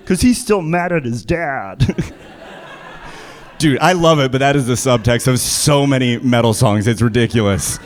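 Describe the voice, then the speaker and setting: A man performing live stand-up comedy, animated and prone to sudden loud shouts. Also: mid-range voice, measured pace, pauses often.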